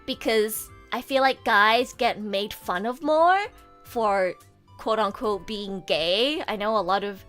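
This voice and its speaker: A woman streamer chatting casually and excitedly, with lots of fillers and swings into near-tearful gushing. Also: medium pitch. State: emotional, near tears at times. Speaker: VTuber streamer. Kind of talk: casual livestream chat.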